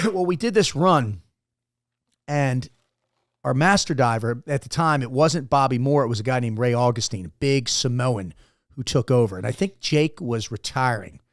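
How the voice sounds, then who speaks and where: A man's voice: mid-range voice, moderate pace, no room sound, studio quality. A man in his fifties, a former Navy SEAL guest, telling rambling, profane stories in a casual interview.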